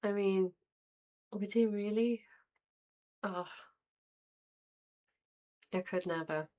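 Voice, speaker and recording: A woman hosting a reaction video, commenting on clips in an unhurried, dry way and thinking aloud. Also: mid-range voice, warm tone. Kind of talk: casual commentary over clips.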